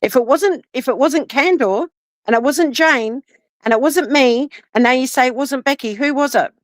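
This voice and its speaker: A live streamer with a high-pitched voice rants at normal speed, furious and shaking with anger. She swears constantly and keeps repeating her demands, with no room sound on the recording.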